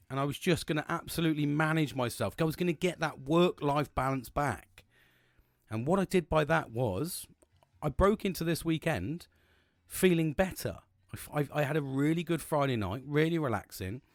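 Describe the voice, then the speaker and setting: A plain-spoken man talks through a casual solo podcast monologue at a middling pitch, blunt and unfiltered, swearing freely as he goes. He rambles and restarts his sentences, and the recording is dry and close, with no room sound around him. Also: lively intonation, moderate pace, dry recording. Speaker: podcast host.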